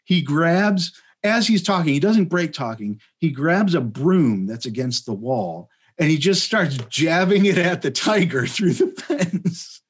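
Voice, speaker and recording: A man, a podcast guest, telling a comedic story in a casual, animated way, rambling with lots of fillers and laughing mid-sentence. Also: a little high, measured pace, few pauses, slightly rough.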